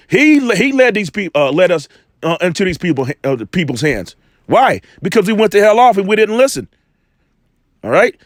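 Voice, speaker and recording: A religious teacher with a cold, coughing, casually teaches scripture, rambling with many restarts and rhetorical questions. His voice is high, and the recording is dry with clean studio sound.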